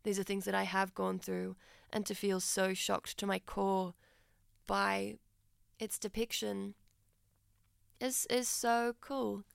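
A woman's voice: medium pitch, level tone, takes it slowly, creaky, pauses often, clean tone, no room sound. Woman, radio host, earnest film chat, dry close studio sound. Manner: earnest, reflective, heartfelt. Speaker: radio presenter.

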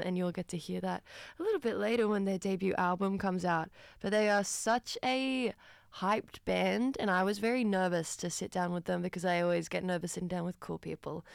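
An Australian woman presenting radio in a chatty, upbeat way, with a few ums along the way. Her voice is smooth and resonant, with a touch of gravel in it. The studio mic sounds close and dry. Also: medium pitch, no room sound. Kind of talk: casual radio announcing. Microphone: studio microphone.

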